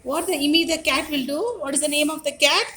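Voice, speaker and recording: A woman's voice: high voice, little pitch movement, quick pace, pushed and bright. A preschool teacher, teaching small children in a sing-song, coaxing way and repeating her questions. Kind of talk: classroom teaching to young children. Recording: echoey classroom, faint noise.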